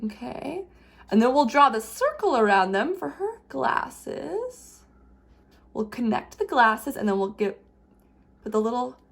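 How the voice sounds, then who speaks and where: A young woman gently teaching children a craft, playful and asking them questions as she draws. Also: high voice. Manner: warm, playful, asks kids questions.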